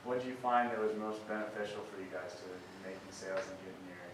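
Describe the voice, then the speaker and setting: A man's voice: deep voice, monotone, fast talker, noisy background. An audience member, a man, asks a hesitant question at a live event. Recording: very echoey hall, voice far off, crowd behind.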